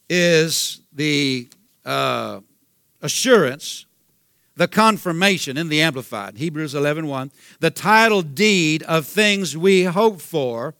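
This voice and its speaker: A man with a Southern US accent preaches with fervor, circling back over his points and calling out hallelujah. His voice sits high and bright. The sound is close and dry, with no room echo. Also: smooth. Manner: fervent, repeats himself, calls out hallelujah. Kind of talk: sermon.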